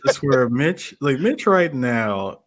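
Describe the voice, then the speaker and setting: A man co-hosting a podcast in casual chat, excitable and profane as he riffs with his friends. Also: mid-range voice, slow. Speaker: podcast co-host.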